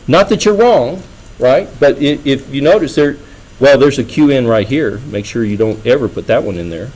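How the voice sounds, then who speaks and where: A man's voice: medium pitch, animated, moderate pace, darkish tone, poor audio. Man lecturing a classroom, chatty. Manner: conversational, asks students frequent checking questions. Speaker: engineering lecturer.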